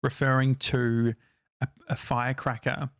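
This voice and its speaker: A man's voice: mid-range voice, level tone, unhurried, fairly bright tone, dry recording, studio quality. An Australian man co-hosting a podcast, telling rambling anecdotes and correcting himself as he goes. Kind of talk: casual podcast chat.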